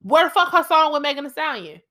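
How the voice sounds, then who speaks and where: A woman's voice: high voice, expressive, fast talker, sharp tone. Heated, profane young woman podcast host. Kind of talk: solo podcast rant.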